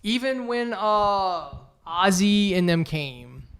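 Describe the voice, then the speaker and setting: A man's voice: high voice, expressive, slow pace, a bit bright, smooth. Swearing, rambling man. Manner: laid-back, swears a lot, loose rambling. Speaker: podcast co-host. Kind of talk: casual chat.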